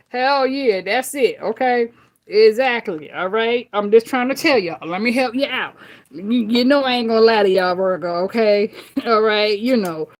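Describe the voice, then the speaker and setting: A woman tarot reader chatting casually with viewers, brash and profane, laughing often. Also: medium pitch.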